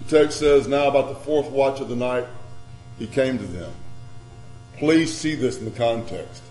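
A man preaching a sermon, dramatic, swinging between loud emphasis and quiet scripture reading. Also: mid-range voice, moderate pace. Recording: echoey room with mains hum.

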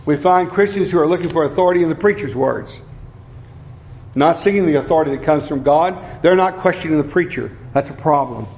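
Male preacher, middle-aged, fairly high voice, earnest sermon delivery with emphatic repeats. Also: a little mellow. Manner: earnest, slows down for emphasis, repeats key phrases.

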